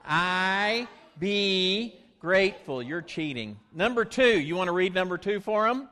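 Bright-voiced man coaxing kids in church. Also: sits high, very animated. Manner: upbeat, coaxing, repeats phrases slowly for kids to echo. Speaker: church leader giving a children's message. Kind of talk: children's message with call-and-response. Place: church sanctuary. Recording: long church reverb.

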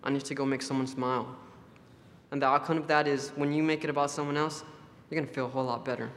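A man's voice: medium pitch, flat delivery, fast, fairly bright tone. A man giving a conversational sermon at a church camp, telling affectionate stories before turning to scripture. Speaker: preacher. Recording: long hall reverb.

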